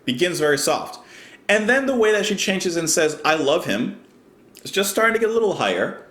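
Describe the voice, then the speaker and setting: A man with a slightly high voice talks through a song, his pitch rising and falling with a lot of life. He explains things thoughtfully and often restarts his sentences. The room around him is roomy and echoey. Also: very animated, a little fast, fairly bright tone. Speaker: music reaction YouTuber. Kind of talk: casual reaction commentary.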